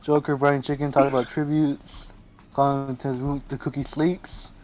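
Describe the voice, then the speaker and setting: A man's voice: mid-range voice, level tone, normal speed, a little mellow, muffled recording, slight background noise. A young man reading out game events to friends, laughing and swearing in surprise. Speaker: gaming video host.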